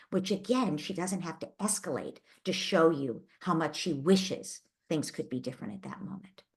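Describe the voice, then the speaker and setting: A woman with a slightly low voice answers a parent's question on a live parenting Q&A. She speaks in an empathetic, reassuring coaching tone. She thinks aloud and restarts phrases now and then. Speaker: parenting advice host.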